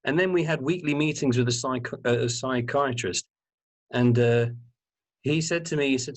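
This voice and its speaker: A man talks earnestly as an interview guest, recounting his own past with animated energy. He repeats words for emphasis and lets the odd swear word slip. His voice sits at an ordinary middle pitch. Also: brisk. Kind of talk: candid personal storytelling.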